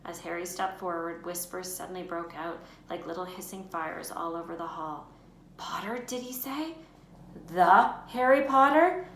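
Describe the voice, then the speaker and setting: A woman teacher reading a children's book aloud in an expressive storytelling voice. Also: lowish voice. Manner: expressive, lifts her voice for names and shouts. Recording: roomy room echo, faint noise.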